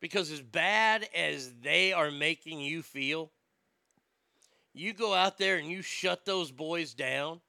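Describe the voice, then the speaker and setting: A man's voice: on the high side, slow pace, vocal fry, pushed and bright, smooth, no echo, studio quality. A man delivering a blunt, sarcastic, profane opinion rant as a commentator.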